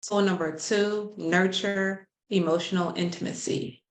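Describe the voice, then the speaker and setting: A woman therapist explaining relationship tools in a steady, practical way, with small restarts. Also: mid-range voice, a little slow, reverberant, low-quality recording. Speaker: therapist co-host. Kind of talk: explaining counseling tips.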